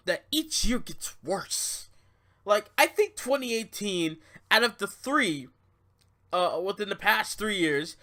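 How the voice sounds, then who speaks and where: A young man with a high, bright voice talks through a wrestling show in a loose, ranting style. He drops to low mutters, then bursts out loud and swears. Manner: animated, swings between muttering and loud outbursts, swears. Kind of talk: casual rant review.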